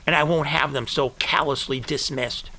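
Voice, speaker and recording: A man streaming live, retelling game battles with grand phrasing and heated, profane rants, and saying he is high. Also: fairly even intonation, moderate pace, sharp tone, a little hiss or hum.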